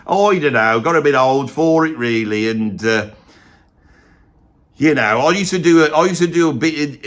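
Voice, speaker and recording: A man's voice: on the high side, a bit bright, lightly acted. A man playing a rambling, gossipy middle-aged Birmingham bloke and ex-roadie, with a Birmingham accent, swearing mildly and wandering off topic. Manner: rambling, peppered with "bloody", chummy asides. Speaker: comedy character ranking bands. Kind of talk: rambling comic monologue to camera.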